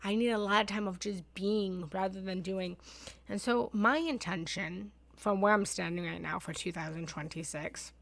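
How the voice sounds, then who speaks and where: A woman in her thirties speaks as a meditation teacher in a live online session, earnest and heartfelt, with a gravelly, fry-tinged voice. Her thoughts come out in flowing, repeated phrases, sitting at a middle pitch. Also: normal speed, dry recording. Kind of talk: live online meditation talk, casual sharing.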